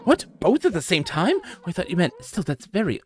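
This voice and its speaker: A woman's voice: lowish voice, big pitch swings, fairly quick, a little mellow, faint music behind, voice pushed up. A woman voicing a sweet, motherly female bear villager in a video game, in a friendly and doting way.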